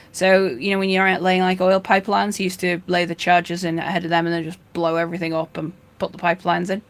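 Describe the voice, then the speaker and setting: A woman's voice: mid-range voice, a bit bright. Woman host, casual chat, rambling and anecdotal, dry humour. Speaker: fishkeeping channel host.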